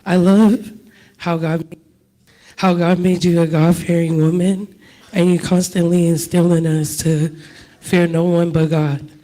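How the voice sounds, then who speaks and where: Male, high mellow flat voice, nervous earnest tribute. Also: a little slow. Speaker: church member giving a Mother's Day tribute. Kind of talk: spoken tribute at church.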